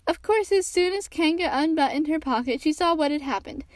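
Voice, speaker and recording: A woman narrating a children's storybook aloud, gentle and expressive. Her voice sits high, and the recording is dry and close with no room sound. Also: a little fast, dry recording, rough recording. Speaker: podcast storyteller.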